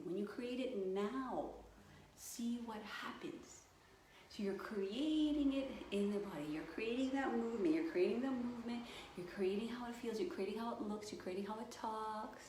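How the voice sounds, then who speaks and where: A woman's voice: a little high, a little mellow. Woman yoga coach, echoey and distant. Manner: soothing, drawn-out guidance with playful acted-out voices. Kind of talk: guided live coaching session. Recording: echoey room, distant mic, faint noise.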